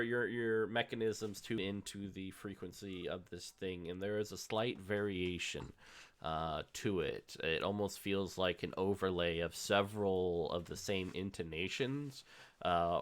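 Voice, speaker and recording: A man narrating as game master for a tabletop role-playing game, relaxed and descriptive. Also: low voice, unhurried, clear, resonant tone. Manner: relaxed, descriptive, laughs easily.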